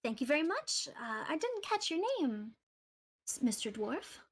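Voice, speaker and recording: A woman voicing a polite, slightly awkward village woman who speaks with hesitant pauses. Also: high-pitched, very animated, husky, heavily acted. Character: polite, gentle woman brewer, a little awkward.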